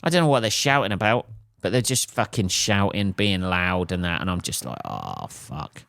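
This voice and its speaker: A deep-voiced English man hosts his own comedy podcast alone. He talks in a loose, sweary, self-deprecating ramble full of ums and side tangents. The sound is close and dry with no room around it. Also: a little fast, a bit bright, dry recording. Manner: profane, self-mocking storytelling with frequent fillers. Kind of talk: rambling solo podcast monologue. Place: at home late at night after a gig.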